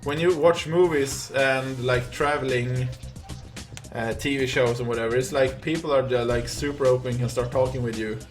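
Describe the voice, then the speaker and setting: A man's voice: mid-range voice, steady tone, normal speed, soft background music. A young man from Sweden with a Swedish accent, chatting casually on a live gaming stream and rambling through stories with many fillers.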